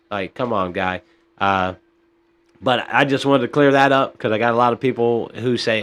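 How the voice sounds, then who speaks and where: A man's voice: fairly low pitch, fairly even intonation, moderate pace, a bit bright. A man hosting a podcast, giving casual boxing commentary in a rambling, frustrated way, often tossing in "man" and "uh.". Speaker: podcast host.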